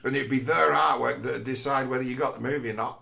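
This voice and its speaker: A man's voice: mid-range voice, fairly even intonation, fast, gravelly, bright, forceful tone. A man in a rambling, profane casual rant who often stumbles and repeats words mid-thought.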